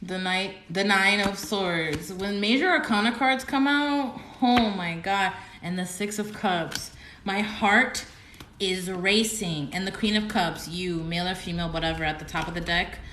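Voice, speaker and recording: A woman giving a casual tarot reading to camera, who swings from low murmuring to squealing excitement and swearing. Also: unhurried. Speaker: tarot reader. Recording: roomy echo, faint background noise.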